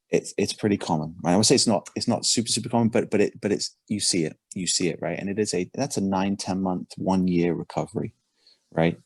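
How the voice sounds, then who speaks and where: Brief: male coach, low husky voice, dry close sound, earnest and halting. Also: no room sound. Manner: earnest, repeats words and restarts often. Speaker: performance coach. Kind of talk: casual podcast conversation.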